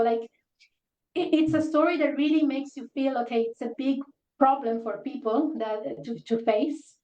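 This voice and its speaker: Hosting an online workshop over a video call, this woman has a fairly high, slightly mellow voice. Her talk is casual and rambling, full of filler words, and the lo-fi call audio sounds roomy and dull.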